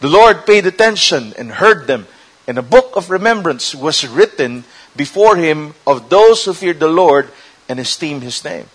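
High-voiced preacher. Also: male voice, expressive, measured pace, husky, rough recording. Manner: conversational, switching into Tagalog asides. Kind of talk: sermon.

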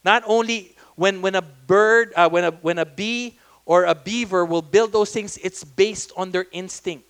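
Male preacher, Filipino accent, high and clear voice, chatty sermon full of restarts. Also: measured pace, fairly bright tone. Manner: conversational, repeats words, frequent restarts. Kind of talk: sermon mixing English and Tagalog.

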